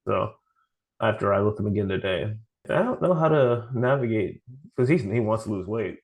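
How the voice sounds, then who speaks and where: A man with a fairly low voice talks loosely on a podcast, retelling conversations by quoting people. He often trips over his words and restarts them. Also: lively intonation, moderate pace, low-quality recording. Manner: storytelling, quoting others, frequent restarts. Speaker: podcast host. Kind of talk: casual chat.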